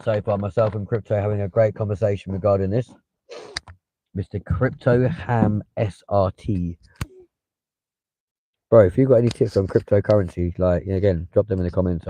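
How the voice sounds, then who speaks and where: A man's voice: low voice, fairly even intonation, moderate pace, warm tone, slight background noise, rough recording. A man hosting a live stream, giving blunt, profane, heated casual commentary.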